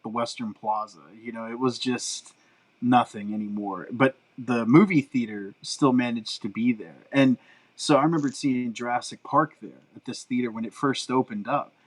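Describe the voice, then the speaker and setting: A middle-aged man, chatting on a podcast as co-host, an animated storyteller who laughs often. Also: medium pitch, rough recording. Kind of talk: casual chat.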